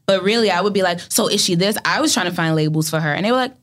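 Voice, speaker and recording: A young woman, an actor guest in an interview, telling animated stories and acting out quotes. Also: on the low side, very fast. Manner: animated storytelling, acts out quotes. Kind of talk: casual interview talk.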